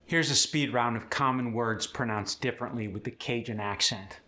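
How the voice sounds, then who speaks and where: A man coaching pronunciation in a clear, upbeat, instructive manner. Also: mid-range voice, normal speed, bright, forceful tone. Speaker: accent coach. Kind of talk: pronunciation tutorial.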